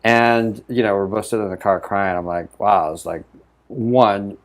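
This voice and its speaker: Low-voiced man telling a personal story. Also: fairly even intonation, moderate pace. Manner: reflective storyteller, acts out quoted dialogue. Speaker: show co-host. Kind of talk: casual conversation.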